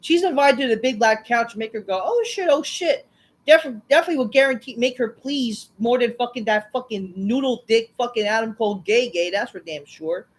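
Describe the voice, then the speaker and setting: Sarcastic woman host, bit high-voiced, curse-heavy rant, dismissive. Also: fairly quick, hardly any pauses, poor audio. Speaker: wrestling show reviewer, channel host. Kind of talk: profane ranting recap.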